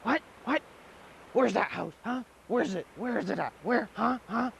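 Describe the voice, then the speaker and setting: A man's voice: high voice, sing-song, normal speed, a bit bright, slight background noise, voice pushed up. A man voicing a greedy, ornery old male bird creature who asks the same questions over and over in a frantic rush. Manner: frantic, demanding, repeats questions.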